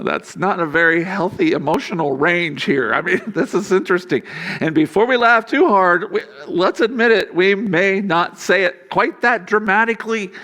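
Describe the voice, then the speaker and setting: Male pastor, mid-pitched voice, easygoing sermon delivery with frequent chuckles and acted-out quotes. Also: vocal fry. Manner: conversational and humorous, chuckling often; acts out quoted lines in a lively voice.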